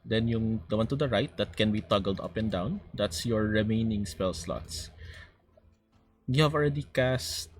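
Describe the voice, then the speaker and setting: A man's voice: fairly low pitch, moderate pace, breathy edge, no echo, soft background music. A man with a Filipino accent running a tabletop game as game master, patiently explaining rules and narrating scenes.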